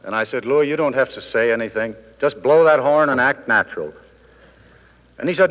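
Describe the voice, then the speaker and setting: A man in his fifties delivers a formal speech with dry wit and deliberate pauses, his voice ringing through a big hotel ballroom. The old 1960s broadcast recording sounds dull, with a long hall echo trailing each phrase. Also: mid-range voice. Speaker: guest speaker at a convention. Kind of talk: formal after-dinner speech.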